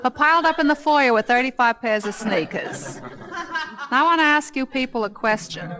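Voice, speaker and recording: A middle-aged woman with a high voice works a live crowd through a stand-up story. She lands each punchline with brassy timing. It sounds like a vintage 1960 comedy album, with audience laughter behind her. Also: lively intonation, moderate pace.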